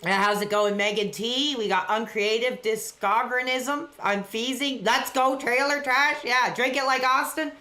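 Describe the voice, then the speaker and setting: A woman chatting casually on a live stream, reading out messages from viewers and reacting excitedly to a wrestling match from a dark room at home. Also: a little high, measured pace, few pauses. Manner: chatty, reads out chat messages between excited play-by-play reactions.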